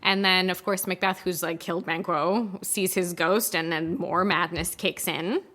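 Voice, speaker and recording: A woman co-hosting a casual chat, talking fast and loose, swearing and acting out characters. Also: lowish voice, steady tone, bright, forceful tone. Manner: chatty, swears, acts out characters in quick asides. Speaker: podcast co-host.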